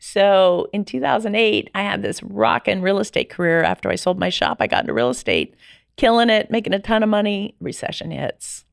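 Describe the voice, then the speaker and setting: A middle-aged woman telling her personal story as a podcast guest, lively and acting out the dialogue she remembers. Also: medium pitch, fairly quick, gravelly, no room sound, studio quality. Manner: animated, acts out quoted dialogue.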